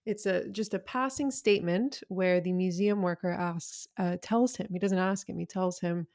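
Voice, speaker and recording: A woman guest on a film podcast, talking casually and eagerly with quick asides. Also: lowish voice, a little mellow.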